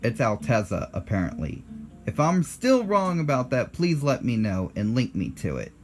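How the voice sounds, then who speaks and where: A man's voice: medium pitch, huge pitch swings, moderate pace, soft background music. Blunt American man, casual video talk. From United States. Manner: blunt and defensive, with self-correcting asides. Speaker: channel host.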